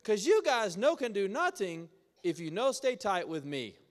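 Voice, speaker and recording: A man voicing a relaxed Jesus speaking in Hawaiian Pidgin, read playfully and folksy in a church. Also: high-pitched, normal speed, pitched above the performer's own voice. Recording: echoey church hall.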